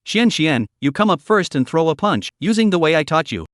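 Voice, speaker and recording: A man voicing a stern middle-aged martial arts pavilion master who speaks in a deep, heavy voice. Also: big pitch swings, fairly quick, a bit bright, no echo, clean studio sound. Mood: instructive.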